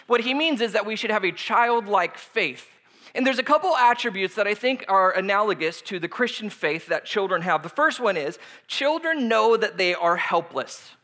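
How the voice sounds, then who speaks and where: A man's voice: sits high, expressive, normal speed, bright, forceful tone. A man in his thirties preaching a casual, humorous sermon, joking at his own expense and laughing often between points. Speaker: pastor.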